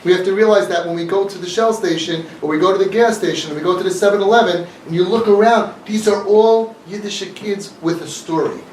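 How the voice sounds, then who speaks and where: A man's voice: high voice, a little fast, hardly any pauses, slight background noise. A man giving an impassioned talk to a live audience, mixing in Yiddish and Hebrew words. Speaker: speaker of a community organization. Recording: echoey room, mic from a distance.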